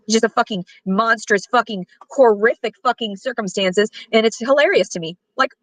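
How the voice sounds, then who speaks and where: A woman's voice: a little high, normal speed, fairly bright tone, dry recording, low-quality recording. A woman ranting angrily to her camera, swearing often and rambling from point to point. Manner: profane, agitated, rambling. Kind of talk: angry rant to camera.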